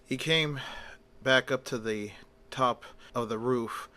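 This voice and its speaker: A man telling a fan story in a bright, clear voice at an ordinary pitch. He reads in a halting, homemade way, stopping for fillers and starting lines over. It has the plain feel of a hobby storyteller. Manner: halting, with many fillers and restarts.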